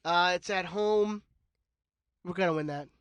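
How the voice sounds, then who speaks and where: A man's voice: sits high, unhurried, a bit bright, clear, resonant tone, no echo, muffled recording. A man, sick with a cold, co-hosting a casual sports podcast and joking and swearing freely. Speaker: podcast co-host.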